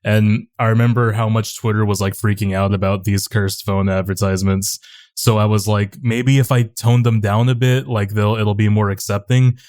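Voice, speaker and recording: Guy on a podcast, lowish voice, rambly, says like a lot. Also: steady tone, moderate pace, a little mellow. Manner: rambling storyteller, many "like" fillers. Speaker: podcast guest. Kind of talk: casual podcast chat.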